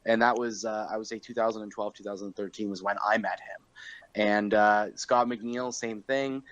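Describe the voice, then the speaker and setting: A man's voice: fairly low pitch, steady tone, moderate pace, a bit bright, dull audio. A young man hosting a podcast, chatting casually and rambling with lots of fillers and chuckles. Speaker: podcast host.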